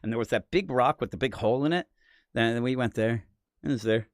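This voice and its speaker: An American man co-hosting a casual live-stream chat, telling stories in an animated way and slipping into put-on voices. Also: a little fast, no room sound, studio quality. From United States. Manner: animated storyteller, breaks into high put-on voices. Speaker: podcast co-host.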